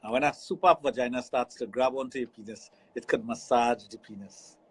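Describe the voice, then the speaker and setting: A man's voice: mid-range voice, brisk, husky, poor audio. A Trinidadian man hosting a radio show as a sexologist, explaining things frankly and laughing easily. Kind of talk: casual radio talk. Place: radio studio.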